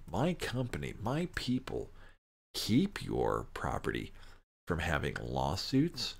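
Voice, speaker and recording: A man's voice: deep voice, vocal fry. A man hosting a livestream, chatting casually with viewers and ranting bluntly about pay. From United States. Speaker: livestream host. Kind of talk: casual chat to live viewers.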